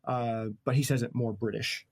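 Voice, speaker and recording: A man's voice: mid-range voice, fairly even intonation, normal speed, gravelly, husky. A man hosting a podcast, retelling a book in casual chat, joking and laughing often and trailing off mid-sentence. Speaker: podcast host.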